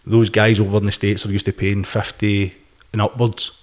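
A man's voice: on the low side, little pitch movement, normal speed. A British man co-hosting a casual podcast, rambling, repeating words and swearing freely. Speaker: podcast co-host.

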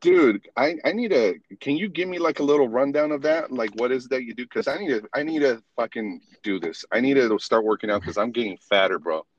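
A man's voice: medium pitch, brisk, hardly any pauses, no room sound, lo-fi sound. A man hosting a casual podcast chat from his parked car in an empty lot, rambling, swearing freely and restarting sentences. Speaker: podcast host.

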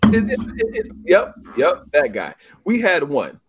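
High, lively man swearing through a story. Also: measured pace, a little hiss or hum. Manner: profane, emphatic, animated. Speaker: paintball team leader. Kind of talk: casual storytelling chat.

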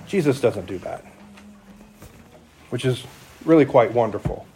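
A man's voice: mid-range voice, lively intonation, measured pace, pauses often, mellow, slight background noise. Man preaching a conversational sermon. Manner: explanatory, conversational preaching with restarts and asides. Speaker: church elder preaching.

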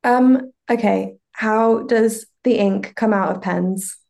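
A woman's voice: medium pitch, slow, vocal fry, a little mellow. A young woman guest with a mixed British-American accent, chatting in a laid-back, rambling way on a podcast. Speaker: musician guest. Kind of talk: casual podcast chat.

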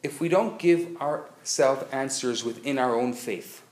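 A man speaking as a rabbi, giving a live lecture and telling jokes with lively storytelling. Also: medium pitch, unhurried. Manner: animated joke-telling storyteller. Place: community center lecture hall. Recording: echoey hall, faint noise.

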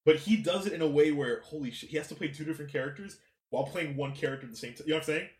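A man co-hosting a casual film podcast, emphatic and animated and swearing freely. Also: a little high, rapid-fire. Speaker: podcast co-host. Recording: echoey room.

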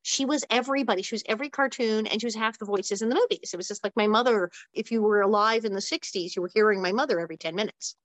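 A woman's voice: medium pitch, no room sound. Chatty older woman telling stories. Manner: animated, quick asides and acted-out quotes. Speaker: interview guest. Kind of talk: casual storytelling.

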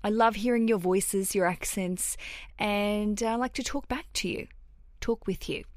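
An Australian woman hosting a podcast, talking in an excitable, straight-talking way and swearing freely. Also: mid-range voice, a little slow, no room sound, studio quality. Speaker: podcast host. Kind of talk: casual solo podcast chat.

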